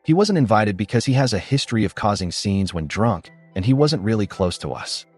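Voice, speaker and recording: Speaking in a lowish voice at a brisk pace, a man narrates a scripted first-person story with steady, animated storytelling delivery. Faint music plays in the background.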